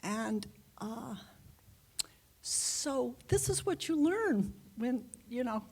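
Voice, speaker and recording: A woman being interviewed as a guest author, answering in an unhurried, reflective way with pauses and fillers. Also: on the high side, big pitch swings, darkish tone, breathy edge. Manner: unhurried, reflective, halting with fillers and light laughs.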